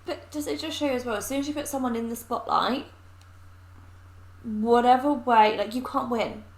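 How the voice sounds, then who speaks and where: A woman's voice: a little high, fast talker, creaky, a bit bright. A woman co-hosting a reaction show, speaking emphatically and with exasperation. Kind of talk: casual group chat. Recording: echoey room.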